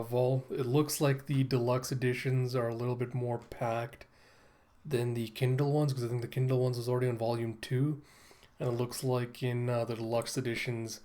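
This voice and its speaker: A man hosting a casual comic read-through, relaxed and rambling with many fillers. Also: mid-range voice. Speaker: manga read-through host.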